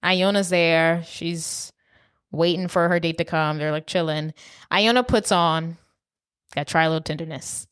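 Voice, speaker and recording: Low-voiced young woman retelling a plot. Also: smooth, no echo, studio quality. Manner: relaxed storyteller, quick reactions and asides. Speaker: podcast co-host. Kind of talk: casual movie recap chat.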